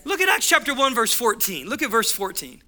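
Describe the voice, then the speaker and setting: A man's voice: very high-pitched, sing-song, a little fast, pushed and bright. A man preaching a sermon as pastor, driving home points with punchy repeated phrases and acting out the voices in his stories.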